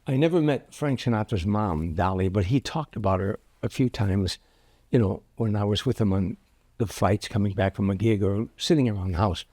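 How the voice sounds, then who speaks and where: An older man, a comedian guest, telling anecdotes in an interview with lively restarts. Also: lowish voice, normal speed, dry recording. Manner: anecdotal, animated with repeated restarts. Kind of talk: storytelling interview.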